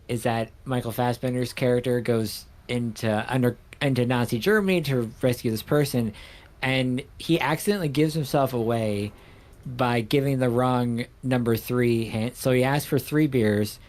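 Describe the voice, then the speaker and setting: A man's voice: medium pitch, darkish tone. A man from New York hosting a casual livestream, asking questions in a rambling, enthusiastic way.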